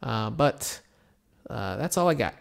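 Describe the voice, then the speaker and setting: A young American man teaching English in a casual live stream, slowly repeating example phrases and answering questions. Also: mid-range voice, gravelly. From United States. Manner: relaxed, slow repetitions of example phrases, mixes in Turkish.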